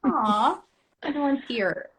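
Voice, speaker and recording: A young woman, an actress and comedian, chatting as a guest in a live interview, animated and playing out little quoted voices as she laughs. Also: high voice, takes it slowly, background noise. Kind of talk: lively live interview chat.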